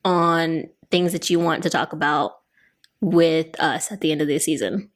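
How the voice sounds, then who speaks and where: A woman's voice: sits low, steady tone, unhurried. A young woman co-hosting a podcast, chatting casually and laughing often. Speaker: podcast co-host.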